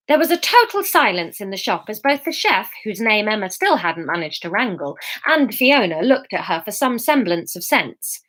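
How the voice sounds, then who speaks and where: A woman reading her own novel aloud as a serial, expressive and self-mocking. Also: mid-range voice, moderate pace, few pauses.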